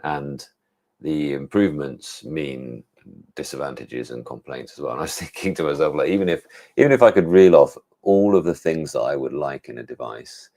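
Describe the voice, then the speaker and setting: A man's voice: a bass voice, lively intonation, moderate pace, dark tone. A man with an English accent, hosting a casual live stream about tech gadgets and thinking aloud with frequent restarts. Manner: rambling, thinks aloud with many restarts and fillers. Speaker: tech reviewer hosting a livestream.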